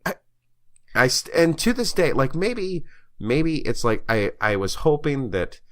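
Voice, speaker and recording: A man co-hosting a podcast, chatting casually and telling a story with animated energy, swearing and laughing along the way. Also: a little high, unhurried, no echo, studio quality. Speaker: podcast co-host. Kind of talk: casual chat.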